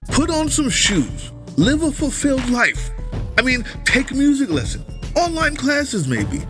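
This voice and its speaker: A man's voice: very high-pitched, huge pitch swings, measured pace, over music. A man giving sarcastic, taunting commentary over video clips. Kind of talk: mocking commentary.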